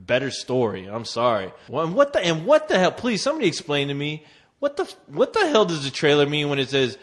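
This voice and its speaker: A man's voice: a little high, wildly swooping pitch, brisk. A man hosting a casual movie review podcast, mock-outraged and laughing as he talks. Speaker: podcast host.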